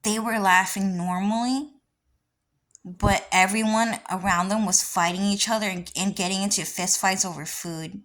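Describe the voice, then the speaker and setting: A woman's voice: medium pitch, steady tone, normal speed, a bit bright. Rambling woman vlogger, swearing. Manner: rambling, repetitive restarts, frequent swearing. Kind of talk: casual rambling monologue.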